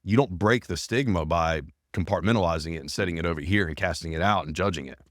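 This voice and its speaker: A man's voice: deep voice, fast, a bit bright, no echo, clean studio sound. A male podcast host, talking earnestly and emphatically in a casual conversation. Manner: earnest and emphatic, repeats phrases.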